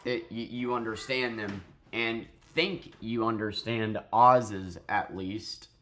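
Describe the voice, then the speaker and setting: A man's voice: lowish voice, takes it slowly, fairly bright tone, slight background noise. A tired man who just woke up, giving a rambling, profane spoken review of a TV show and often restarting his sentences.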